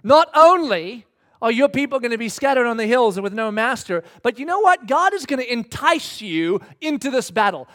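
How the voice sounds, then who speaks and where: A man's voice: very high voice, fairly bright tone, pitched above the performer's own voice, full character voice. A man preaching voices a sarcastic, exasperated male biblical prophet in a mocking, emphatic tone.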